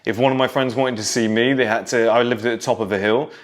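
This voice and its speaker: A self-improvement creator in his thirties speaks directly to young men in a casual monologue, sharing nostalgic stories from his childhood. His mid-range male voice is steady and quick-paced.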